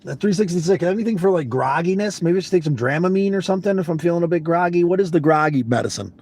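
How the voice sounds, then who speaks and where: A man's voice: high voice, lively intonation, quick pace, a little mellow. A groggy man vlogging casually to camera from his vehicle, laid-back and rambling, repeating words and swearing now and then. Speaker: traveling vlogger.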